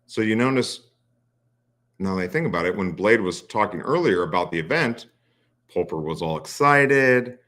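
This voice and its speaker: A man with a fairly low voice reacting to clips on a stream. He is sarcastic and swears freely. He mocks what he hears. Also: animated, moderate pace, fairly bright tone. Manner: sarcastic, profane, mocking. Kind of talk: casual reaction commentary.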